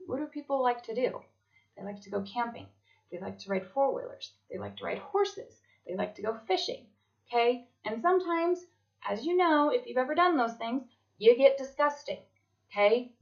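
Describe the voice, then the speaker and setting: A woman's voice: mid-range voice, lo-fi sound. A woman giving casual instructions to fellow sellers, often checking in with "okay?". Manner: chatty, repeats "okay?" to check in. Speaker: direct sales consultant.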